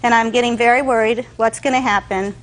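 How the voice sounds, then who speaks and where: A woman's voice: fairly high pitch, fairly even intonation, brisk, a bit bright, low-quality recording. A young woman testifying as a defendant in court, telling her story with animation and acting out other people's voices.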